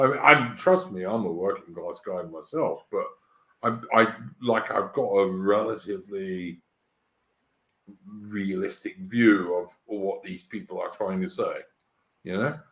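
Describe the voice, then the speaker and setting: A man hosting a loose podcast conversation, with a fairly low voice that bounces around an echoey room. He talks bluntly, repeats words while restarting his sentences, and swears freely. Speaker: host. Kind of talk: casual podcast chat.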